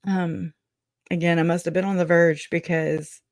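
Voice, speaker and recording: A woman's voice: fairly low pitch, steady tone, measured pace, a little mellow, no room sound, clean studio sound. A woman hosting a true crime livestream, rambling, laughing often and teary as she chats. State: crying. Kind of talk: emotional livestream chat.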